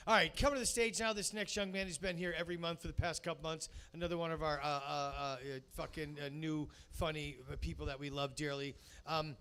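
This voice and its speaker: A man's voice: a little high, steady tone, fast talker, few pauses, fairly bright tone. A man in his fifties hosting a live comedy show, telling a rambling story full of ums and uhs. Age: 50s. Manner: rambling storytelling with many fillers. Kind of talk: stand-up crowd work. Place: small comedy club, live audience.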